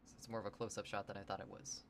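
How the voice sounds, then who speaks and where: A man's voice: lowish voice, level tone, racing. A man streaming his drawing session, rambling and joking with his chat. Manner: rambling, jokey, talks to chat. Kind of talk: casual livestream chat while sketching.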